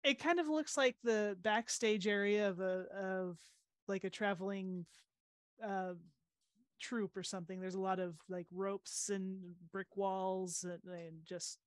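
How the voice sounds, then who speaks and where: A woman's voice: medium pitch, steady tone, a little slow, no echo. Woman game master, tabletop narration, hesitant with lots of fillers, giggly, dry close sound. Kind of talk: narrating a tabletop game over a live stream.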